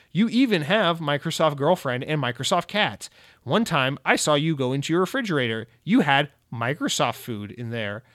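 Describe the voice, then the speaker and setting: A man voicing a rude internet commenter who speaks in stiff, robotic broken English, slow and pitched up. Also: a bit bright, no room sound, clean studio sound.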